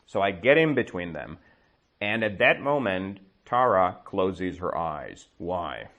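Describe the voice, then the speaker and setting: A man teaching English, telling a story slowly to a class and checking their understanding with quick questions. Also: fairly low pitch, very animated, fairly bright tone, dull audio. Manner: slow, exaggerated storytelling with comprehension checks. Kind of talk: storytelling lesson with questions to learners.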